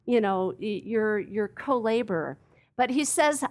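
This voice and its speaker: A woman's voice: a little high, expressive, measured pace, sharp tone. A woman preaching a sermon in an earnest, emphatic way, speaking straight to her listeners. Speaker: Bible teacher.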